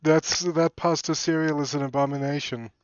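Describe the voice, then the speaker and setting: A man's voice: a little high, fairly even intonation, moderate pace. A man, streaming reaction commentary in a laid-back, chatty way and swearing casually. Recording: dull, dry home mic.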